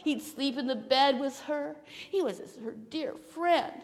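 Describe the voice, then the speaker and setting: High-voiced woman telling children a story. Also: a little slow. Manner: animated storytelling with hushed whispers and playful laughs. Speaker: children's story teller at church. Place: church sanctuary. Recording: long hall reverb of a church.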